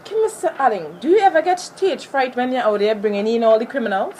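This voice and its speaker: A woman's voice: fairly high pitch, animated, fast, a little mellow, a little hiss or hum. A woman interviewing for a school project, reading out set questions.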